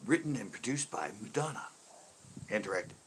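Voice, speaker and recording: A man's voice: on the low side, sing-song, moderate pace, a little hiss or hum. A man hosting a fishing channel livestream, chatting casually with viewers in a rambling, laid-back way and laughing easily.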